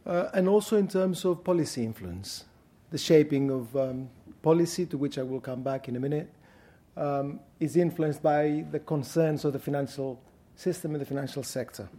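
Male academic, Greek accent, warm low-key delivery, deliberate lecture pace with ums. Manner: measured, deliberate, frequent ums. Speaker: guest lecturer. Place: university lecture hall.

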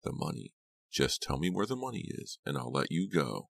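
A man voicing a cold, menacing middle-aged gunman who speaks softly and dryly in an audiobook. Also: rumbling low, normal speed, creaky, no room sound, heavily acted. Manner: soft, flat, dryly threatening. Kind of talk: audiobook character reading.

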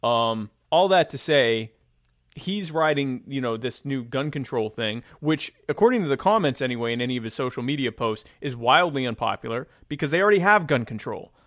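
A man in casual political chat, rambling and sarcastic, with many halting restarts. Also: medium pitch, expressive, a bit bright, dry recording, studio quality.

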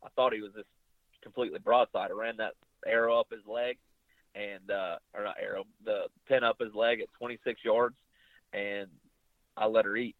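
A young adult man telling a long hunting story in a casual interview, rambling and animated, acting out the things people said to him. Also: on the low side, normal speed, dry recording. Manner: rambling, animated retelling with quoted dialogue. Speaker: bowhunter guest. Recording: phone-like line, very dry.

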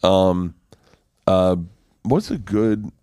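On a podcast, a comedian guest chats casually, telling stories as an animated storyteller and bursting into high comic impressions. He draws out his words in a smooth voice, captured in a dry, clean studio recording.

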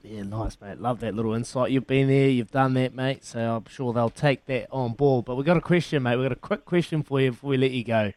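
Easygoing New radio host. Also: male voice, mid-range voice, fairly quick, few pauses, a little mellow, no echo. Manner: matey, easygoing, lots of "mate". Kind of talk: radio interview and studio banter.

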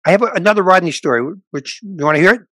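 A man's voice: high voice, racing, no room sound. An older male stand-up comedian telling stories in a casual interview, acting out the people he quotes. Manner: animated anecdote teller, quotes people in voices.

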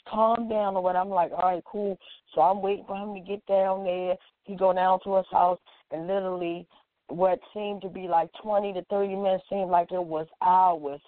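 This woman's voice sits on the low side and moves at a normal speed, captured dry and tinny as if over a phone with no room sound. She's casually recounting something that happened to her, animatedly voicing the dialogue and using "like" a lot.

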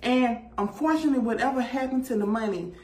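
A woman with a slightly high voice hosts a casual gossip chat and talks straight to her viewers. She is sassy and animated, laughing often. The sound has a roomy echo. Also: fast talker. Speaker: gossip show host. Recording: echoey room.

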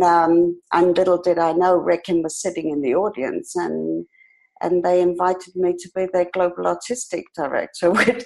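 An older British woman with a slight New York twang in her speech, sitting for a relaxed podcast interview. Her voice sits a little low, and she tells her stories with energy, laughing now and then. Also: rough recording. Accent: British with some New York twang. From Britain. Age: 60s. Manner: animated storyteller, acts out quoted voices, laughs often. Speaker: hair industry educator and guest.

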